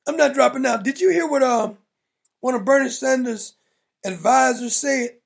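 Gravelly, blunt male political ranter. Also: extremely high pitch, moderate pace. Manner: emphatic, mocking, blunt. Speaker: political talk show host. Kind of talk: opinionated political rant.

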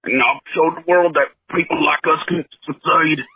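A man calling in by phone, voicing an earnest, slow-witted Southern man with a put-on drawl and halting, repetitive speech. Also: fairly high pitch, steady tone, slightly rough, dry recording. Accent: put-on American Southern. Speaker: caller. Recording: tinny phone line.

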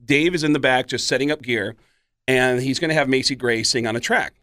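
A man, a guest comedian, telling animated stories in a casual chat, slipping into impressions. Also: medium pitch, brisk, dry recording, studio quality. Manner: animated storyteller who slips into impressions.

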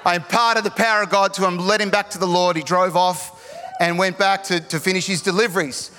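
A middle-aged Australian man preaches with an animated, jokey storytelling manner, pushing up to shouts at the big moments. His voice sits a touch high for a man. It rings out with a long echo, as in a large hall. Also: fairly quick, a faint crowd. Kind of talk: sermon with storytelling. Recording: echoey hall.

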